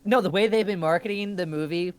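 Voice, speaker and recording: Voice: medium pitch, fast talker, clean tone, no echo. Casual, swearing chat partner.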